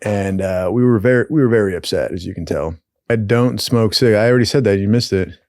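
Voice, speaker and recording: A young man telling profane stories in a casual, animated way, acting out the people in them. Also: lowish voice, fairly quick, no echo, studio quality. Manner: profane, animated, acts out voices in his stories. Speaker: podcast host telling stories. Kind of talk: casual storytelling.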